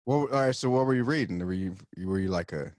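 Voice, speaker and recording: A man's voice: mid-range voice, lively intonation, quick pace, a little mellow, no room sound, studio quality. A man hosting a podcast over a video call, ranting and joking in casual chat with loose swearing. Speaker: podcast host.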